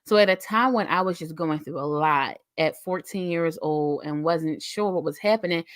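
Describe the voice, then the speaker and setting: A woman's voice: sits low, normal speed, no room sound. A woman in her thirties hosting a casual chat, heartfelt and emotional, rambling with repeated words. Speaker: host.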